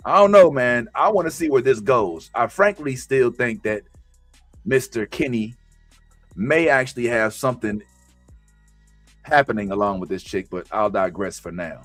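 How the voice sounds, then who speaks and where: A man recapping a TV episode in an animated, joking way, full of slang. His voice sits a little high. The recording is dry, with faint music underneath. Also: normal speed, no room sound. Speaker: host. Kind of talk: casual TV recap commentary.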